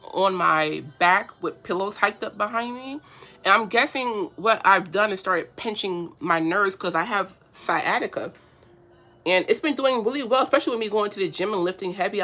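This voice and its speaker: A woman's voice: mid-range voice, fairly bright tone. A woman hosting a casual livestream while doing her makeup. She chats to her viewers, answers their comments and gets easily touched, filmed on the front camera of a phone at home. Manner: chatty, reads comments aloud and answers them, easily touched. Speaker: beauty livestream host.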